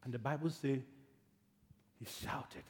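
A man preaching a sermon, from Africa, telling the story dramatically, swinging from hushed to shouting. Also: medium pitch, fairly even intonation, slow pace, slightly rough, in a large hall. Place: church in America.

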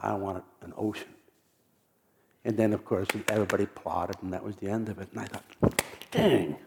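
Male preacher, low and gravelly, halting storyteller who repeats words and hushes to a whisper for quotes. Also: fairly even intonation, background noise. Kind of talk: storytelling sermon.

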